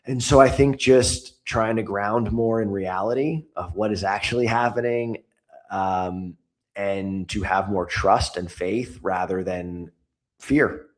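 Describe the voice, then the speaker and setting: A man speaking as a guest in a casual interview, answering in a reflective, thoughtful way. He often restarts as he works through an idea. His voice sits slightly low. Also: slow.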